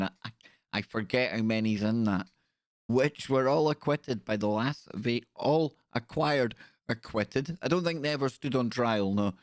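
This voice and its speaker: Low-voiced casual male stream host. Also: no echo. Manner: chatty, stumbles over foreign names with self-mocking asides. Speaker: livestream host. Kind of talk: casual live-stream narration.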